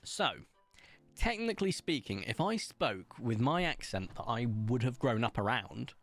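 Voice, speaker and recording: Faint music plays behind a posh-accented Englishman from Somerset as he games on stream and rambles through stories, often saying um. He speaks at a measured pace in an expressive, mid-range, fairly bright voice.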